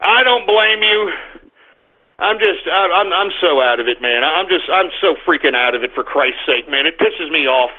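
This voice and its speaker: High-voiced man ranting on tinny radio. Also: lively intonation, moderate pace. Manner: exasperated, swearing, rambling with restarts. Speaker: talk radio host. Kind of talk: live call-in radio rant. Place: home office. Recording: tinny phone-like radio stream.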